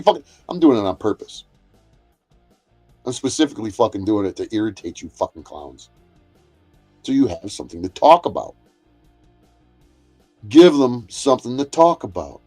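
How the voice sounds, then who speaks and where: A man in mid-range pitch rants at his critics on a livestream. He is profane and confrontational and repeats himself, and his voice swings from low grumbling to loud, raised outbursts. Faint guitar music plays behind him. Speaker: livestream host. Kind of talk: angry ranting monologue.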